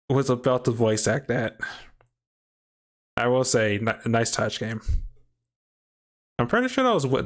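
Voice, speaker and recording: A rambling, self-mocking game streamer man. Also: mid-range voice. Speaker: gameplay streamer. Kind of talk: casual let's-play commentary.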